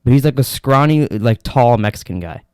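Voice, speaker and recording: A man's voice: mid-range voice, lively intonation, moderate pace, clear, resonant tone, dry recording, studio quality. A young man co-hosting a podcast, telling rambling, profane stories in casual chat. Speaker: podcast co-host.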